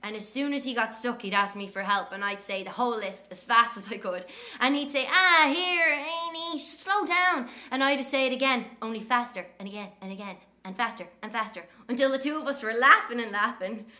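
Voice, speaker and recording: An actress playing a sharp-tongued, brash young Irish woman telling stories in an audio drama monologue. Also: on the high side, a little fast, hardly any pauses. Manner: brash, scornful, lively storytelling.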